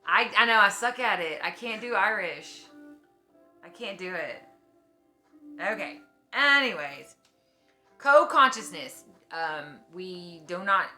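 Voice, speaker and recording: A woman's voice: medium pitch, sharp tone. A woman streamer chatting casually at home, swearing freely and oversharing. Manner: profane, oversharing. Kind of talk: casual chat.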